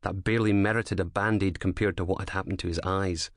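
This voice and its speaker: A man narrating a crime thriller audiobook in a measured, dramatic storytelling manner, on a close mic. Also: low-pitched, steady tone, no echo.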